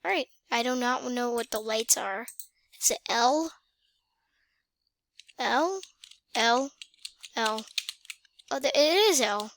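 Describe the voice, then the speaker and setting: A woman's voice: a little high, animated, takes it slowly, pauses often, fairly bright tone, slight background noise. A woman casually talking through a driving game, muttering, whispering and exclaiming to herself. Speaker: gamer playing a driving game. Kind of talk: casual gameplay commentary.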